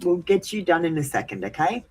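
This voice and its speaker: A woman's voice: fairly low pitch, sing-song, brisk, darkish tone, slightly rough, soft background music, rough recording. A woman hosting a live tarot stream, chatting casually and bluntly with viewers as she manages the chat queue, then reassuring them when they feel ignored.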